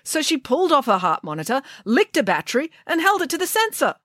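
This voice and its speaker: Woman voicing a girl detective, clever, earnest, insistent, higher voice, storybook. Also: very animated, a little fast, no room sound, studio quality. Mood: urgent. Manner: earnest and pleading.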